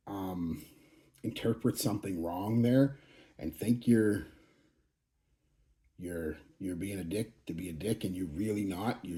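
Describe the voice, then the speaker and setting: A man in his forties gives a rambling channel update, blunt and casually profane, often restarting his sentences. His voice sits fairly low, with a dark, mellow tone. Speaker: fragrance channel host.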